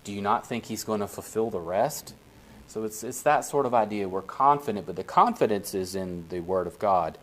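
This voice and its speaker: Low-voiced man teaching a Bible study. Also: normal speed, a bit bright. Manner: conversational, often checks in with the group.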